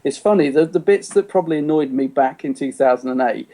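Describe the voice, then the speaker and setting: A man's voice: fairly high pitch, fast, warm tone. A man co-hosting a podcast, chatting casually about an episode, rambling with lots of "you know" and restarts. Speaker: podcast co-host. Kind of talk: casual chat reviewing an episode.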